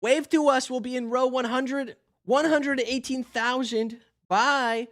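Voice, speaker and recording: A man's voice: extremely high pitch, fairly even intonation, a little slow, fairly bright tone, pitched above the performer's own voice. A man voicing a nagging middle-aged bee mother in a raised, fussy tone.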